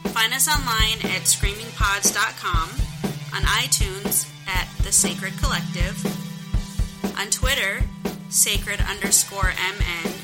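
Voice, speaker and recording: A woman's voice: mid-range voice, slow, poor audio. A woman reading a scripted, inviting podcast introduction. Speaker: show announcer. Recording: voice over loud music bed. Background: loud music.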